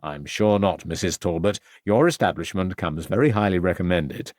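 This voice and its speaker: A man's voice: low-pitched, normal speed, no room sound, studio quality, natural voice. Man playing a courteous, formal police inspector. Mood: polite. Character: polite, calculating male police inspector.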